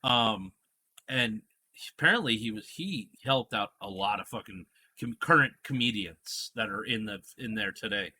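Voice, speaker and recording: Bright-voiced man telling animated stories. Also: fairly low pitch, normal speed, slight background noise. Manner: animated storyteller, acts out quotes. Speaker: podcast co-host. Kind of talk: casual chat.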